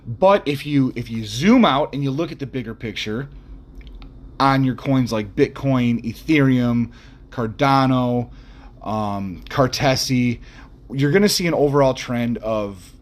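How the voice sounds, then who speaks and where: A man's voice: mid-range voice, measured pace. A man hosting an unscripted podcast who rambles bluntly, with lots of fillers and restarts, and throws in mild profanity and jokes. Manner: mildly profane, jokey asides. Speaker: podcast host.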